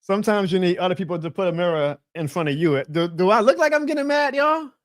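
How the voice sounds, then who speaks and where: A man hosting a live stream, joking and trash-talking in a lively way. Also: high voice, fast talker, dry recording, clean studio sound. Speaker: show host. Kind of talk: casual live-stream commentary.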